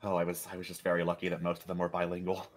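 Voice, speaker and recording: A man's voice: sits low, monotone, rapid-fire, close to an everyday voice. An actor playing an anxious Englishman, a stage performer living in France, who talks in a hesitant, rambling way. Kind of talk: character role-play.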